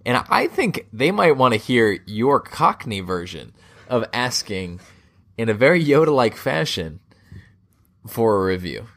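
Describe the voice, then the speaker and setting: A man's voice: mid-range voice, sing-song, a little slow, gravelly, fairly bright tone. A man co-hosting a casual podcast, joking and laughing often. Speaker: podcast co-host.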